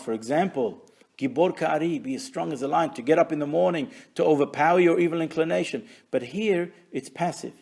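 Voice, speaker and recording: Male rabbi type, raspy fry in a slightly raised voice, conversational Torah teacher who translates as he goes. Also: a little high, a little mellow. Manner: translates Hebrew phrases, explains, wry asides. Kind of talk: Torah lesson.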